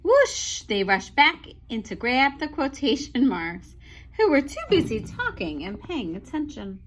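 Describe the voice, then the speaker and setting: Unhurried, lively woman reading aloud. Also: sits high, slight background noise. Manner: expressive, unhurried storytelling with asides. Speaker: teacher. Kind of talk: reading a picture book aloud.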